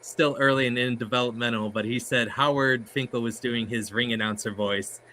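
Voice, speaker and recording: A man's voice: mid-range voice, steady tone, moderate pace, bright, forceful tone, a little hiss or hum. A man hosting a casual interview, hesitant and laughing often between his questions and stories. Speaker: host, interviewer.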